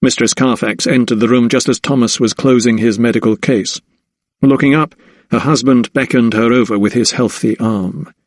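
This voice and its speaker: Man narrating a historical mystery audiobook, steady, dry close studio sound. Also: mid-range voice, moderate pace, no room sound. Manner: steady, even storytelling. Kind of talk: scripted narration.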